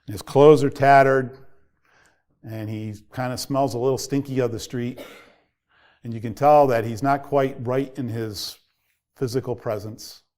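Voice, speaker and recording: A man in his fifties speaking at a medium pitch. He coaches parents and tells his own story earnestly, reflective at first, then pressing harder when he stresses a point. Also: fairly even intonation, measured pace, a little mellow. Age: 50s. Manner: reflective, earnest, builds to heated emphasis. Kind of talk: personal storytelling talk.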